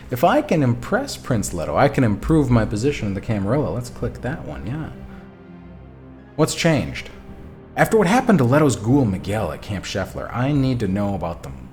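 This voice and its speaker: A man streaming a text adventure, reading the story aloud and talking back to his chat, animated and quick to swear. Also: mid-range voice, faint music behind. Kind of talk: reading a game aloud and chatting with viewers.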